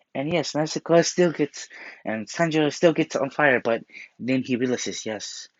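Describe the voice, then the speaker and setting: A man's voice: mid-range voice, measured pace, no echo. Rambling man retelling a story. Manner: rambling, full of restarts and fillers. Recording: muffled lo-fi dry recording.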